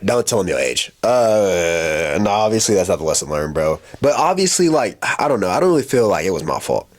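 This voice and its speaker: A young man casually telling a personal story on his vlog, slangy and animated, laughing as he goes. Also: low-pitched, brisk. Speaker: vlogger.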